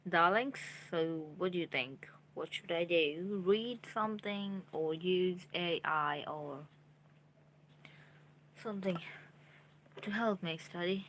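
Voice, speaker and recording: Slow, low-voiced young woman streamer. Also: a bit bright, a little hiss or hum. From India. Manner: chatty, talks straight to viewers. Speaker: live streamer. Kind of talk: casual live-stream chat.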